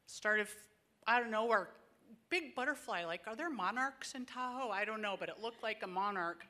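A woman's voice: fairly high pitch, pushed and bright. Earnest woman giving a heartfelt testimony. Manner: earnest, conversational, emotional storytelling. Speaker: women's ministry speaker. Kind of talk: personal testimony talk.

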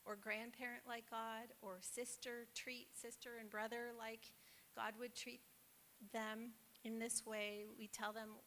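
A woman's voice: on the high side, little pitch movement, a little slow. Woman, devotional talk, encouraging, conversational, faint hiss. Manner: warm, encouraging, conversational, with many fillers.

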